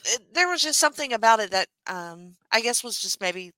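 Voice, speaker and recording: A woman gives her blunt, casual take as a podcast guest, swearing freely. Her voice is bright and mid-pitched, recorded dry and close. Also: lively intonation, a little fast, no echo, rough recording.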